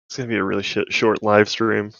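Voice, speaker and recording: Gravelly low man with a dull mic. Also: little pitch movement, quick pace, fairly bright tone, dry recording. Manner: laughing, profane banter. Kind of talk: casual livestream chat with friends.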